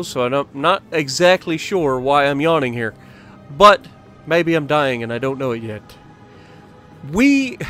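A man narrates his gameplay in a casual, playful way, joking with his viewers and sometimes scolding the game. His voice sits fairly high and bright. Soft game music plays underneath. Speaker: gaming channel host.

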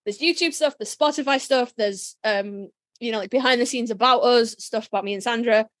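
A woman with a Yorkshire accent co-hosting a casual podcast, blunt and quick to swear, laughing often. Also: a little high, fairly bright tone, no echo. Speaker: podcast co-host.

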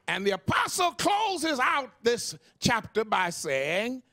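Older man, preacher, very high voice, swooping pitch, shouted sermon. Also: big pitch swings, measured pace, few pauses, no room sound. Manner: impassioned shouted preaching with stammered repetitions. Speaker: pastor.

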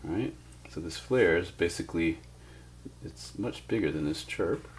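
Low-voiced man teaching scratching. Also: moderate pace, slight background noise. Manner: relaxed, explains step by step with many "all right"s. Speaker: DJ scratch instructor. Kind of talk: casual instructional demo.

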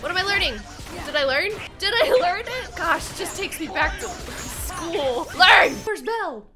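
A woman's voice: very high voice, moderate pace, over music. A woman playing a video game on stream, chatting goofily to the characters and joking, with a sore throat. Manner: goofy, excitable, talks to the game characters. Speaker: gaming streamer. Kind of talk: casual let's-play commentary.

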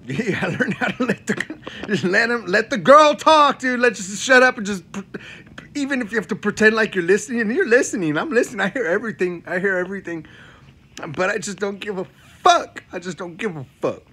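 A male comedian doing a profane stand-up rant, repeating lines and swinging from loud outbursts to low mutters. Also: expressive, fairly quick, breathy edge.

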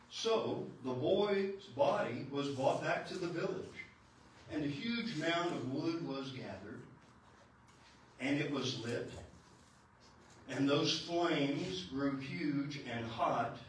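A man preaching, telling a folk tale slowly and dramatically with repeated phrases, recorded in a church sanctuary. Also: fairly high pitch, lively intonation, slight background noise. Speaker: pastor. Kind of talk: sermon storytelling. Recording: echoey church from far off.

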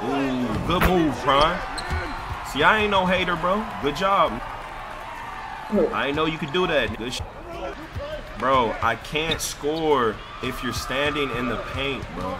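A man's voice: a little high, lively intonation, slow, pauses often, over a noisy crowd, heavy background noise. A man in live game voice chat, trash-talking and bossing his teammates around. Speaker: gamer streamer.

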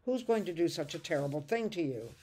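An excited young schoolboy, put on by a woman telling the story, gushing and exclaiming his lines in a children's play. He talks in a higher, louder voice than the storyteller around him, all wide-eyed enthusiasm. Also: brisk. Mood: alarmed.

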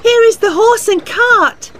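Maggie, a narrator doing a high pleading little girl. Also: animated, slow. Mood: eager, pleading. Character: emotional nine-year-old girl, pleading and tearful. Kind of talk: storybook reading for learners.

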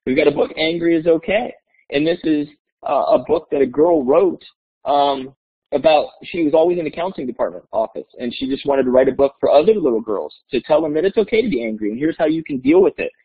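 A man's voice: on the high side, a little fast, husky. A man presenting at a webinar, telling a classroom story and acting out the quoted dialogue. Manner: animated, acts out quoted dialogue. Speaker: guest presenter. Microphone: webinar audio. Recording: tinny phone-like line.

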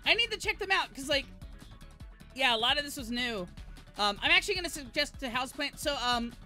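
Woman streamer, desk mic, lively up-and-down voice, curses at every fail, rambling chat with viewers. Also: high voice, brisk, soft background music. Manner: swears and shrieks at failures. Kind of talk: live gameplay commentary.

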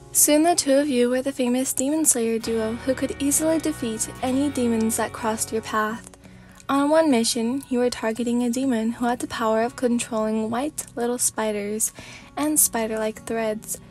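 A woman narrating a fanfic as a sleepy ASMR reading, in a calm, steady storybook manner. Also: on the high side, moderate pace, soft background music.

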